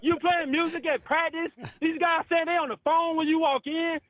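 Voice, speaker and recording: A man's voice: very high voice, steady tone, normal speed, muffled recording. A male caller on a call-in show, ranting in frustration, swearing and repeating "bro" and "literally.". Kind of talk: heated call-in rant.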